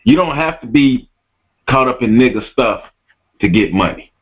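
A man's voice: mid-range voice, expressive, normal speed, slightly rough, highs cut off. A man hosting a podcast, ranting emphatically and repeating his words and phrases. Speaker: podcast host. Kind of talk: podcast rant.

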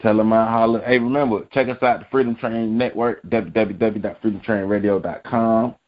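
A man's voice: on the low side, fairly even intonation, a little fast. A man hosting a sports podcast and delivering a heated, profane rant, repeating himself for emphasis. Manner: angry, profane, repetitive. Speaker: podcast host. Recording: dull lo-fi audio.

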